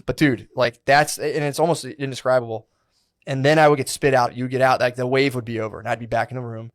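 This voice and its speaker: Fast-talking man telling a rambling story. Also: medium pitch. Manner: rambling, profane, animated retelling with quoted inner voices. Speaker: podcast co-host. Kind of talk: casual storytelling.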